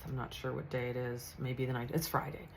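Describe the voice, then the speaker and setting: A woman's voice: rumbling low, little pitch movement, a little fast, a little hiss or hum, low-quality recording. A woman in her fifties, a psychic medium telling a story in a chatty, earnest way with frequent restarts. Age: 50s. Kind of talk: casual storytelling monologue.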